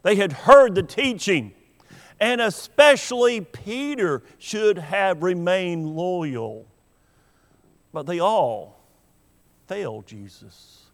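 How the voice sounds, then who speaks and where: High-voiced preacher in a reverberant hall. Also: male voice, expressive, slow. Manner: earnest, emphatic preaching, acting out quoted lines. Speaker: pastor. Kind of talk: sermon.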